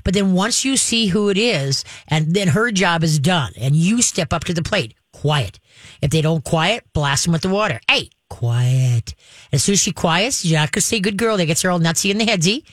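A woman's voice: fairly low pitch, animated, fairly quick, few pauses, dry recording, studio quality. A woman hosting a radio call-in show about pets, chatty and direct, acting out the commands she recommends. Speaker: radio pet show host.

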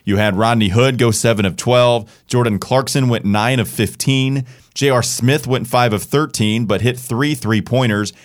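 Guy hosting a sports pod, mid pitch, quick stat rundowns, sarcastic. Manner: brisk, rattling off stats with sarcastic asides. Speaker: podcast host. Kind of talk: sports podcast talk.

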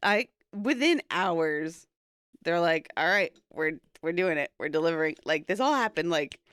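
Woman, podcast co-host, lively swooping voice, restarts sentences, dry close sound. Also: deep voice, normal speed, clear, resonant tone, no echo. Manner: rambling, self-interrupting storytelling. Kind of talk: casual chat.

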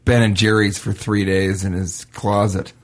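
A man's voice: fairly low pitch, level tone, a little slow. A man co-hosting a comedic casual chat, reading listener questions aloud with mock seriousness. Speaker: co-host.

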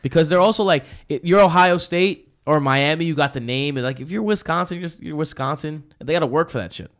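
A man's voice: fairly high pitch, brisk, fairly bright tone. Rambling man in a casual sports chat. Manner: rambling, stumbles and repeats himself. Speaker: podcast co-host.

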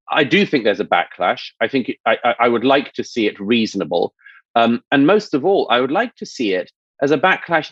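A man's voice: on the low side, no echo. A man speaking as an interview guest, reasoning carefully with frequent hesitant restarts. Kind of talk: interview discussion. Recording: slightly dull lo-fi sound.

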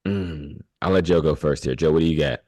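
Deep-voiced laughing podcast host. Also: male voice, fairly quick, a little mellow, no room sound, rough recording. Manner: laughs often, reads sponsor spots. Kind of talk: casual podcast chat.

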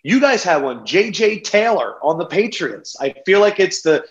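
A man hosting a casual sports betting podcast, playful and excitable, speaking over a phone. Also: sits high, muffled recording. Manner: excitable, playful, quick asides. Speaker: podcast host. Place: home in a city apartment. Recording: echoey room over a phone.

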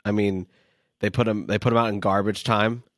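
Low-voiced laid-back male podcast co-host. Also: no echo. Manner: relaxed, hesitant, halting restarts. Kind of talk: casual sports chat. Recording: dry close-mic sound.

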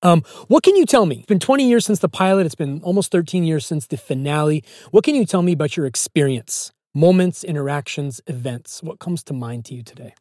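Interviewer guy, higher voice, knows the show inside out, asks pointed stuff. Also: expressive, a little fast, few pauses, a little mellow, dry recording, clean studio sound. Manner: probing, detailed fan knowledge. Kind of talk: interview questions.

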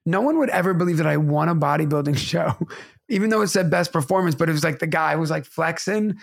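Man, from New York City, comedian, animated storyteller, gravelly tone, higher pitch. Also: quick pace. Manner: animated storyteller, laughs often. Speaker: stand-up comedian. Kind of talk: casual podcast chat.

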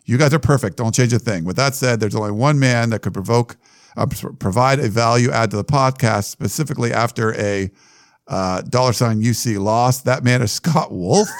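A man co-hosting a sports podcast in casual chat, reading listener questions out loud with loose asides. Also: medium pitch, normal speed, no echo, clean studio sound. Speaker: podcast co-host.

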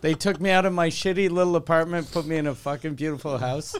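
A man's voice: fairly high pitch, fairly even intonation, quick pace, clear, resonant tone. A man co-hosting a casual comedy podcast who makes crude jokes and mocks people in put-on quotes. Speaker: podcast co-host.

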